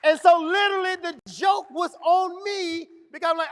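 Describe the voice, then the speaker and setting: A man with a strikingly high voice tells a comic story to a live audience. He is middle-aged and animated, jumping into the voices of the people he quotes. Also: normal speed, hardly any pauses, shouting. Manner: animated, acts out dialogue. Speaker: comedian. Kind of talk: comedic storytelling. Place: event stage.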